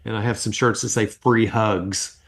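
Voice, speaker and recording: A man's voice: on the low side, normal speed. A middle-aged man, a guest on an interview show, casually telling stories and acting out the conversations he recalls. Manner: animated storyteller, acts out quoted exchanges.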